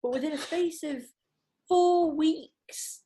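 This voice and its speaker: A woman talks casually as a podcast guest. Her voice sits in a middle pitch. She tells stories in an animated, chatty way, full of fillers and quick laughs. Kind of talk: casual chat.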